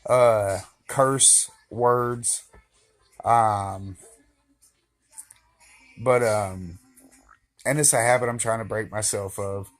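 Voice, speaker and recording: A man's voice: on the low side, steady tone, drawn-out words, pauses often, soft background music. A man vlogging a casual, meandering monologue to camera, full of fillers and joking asides but candid and reflective.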